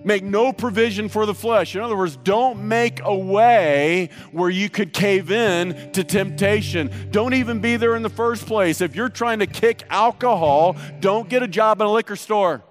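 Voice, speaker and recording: A man's voice: high voice, moderate pace, hardly any pauses. A man preaching a sermon to a congregation, emphatic, breaking into sung lines and jokes, with faint guitar music behind. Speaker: pastor.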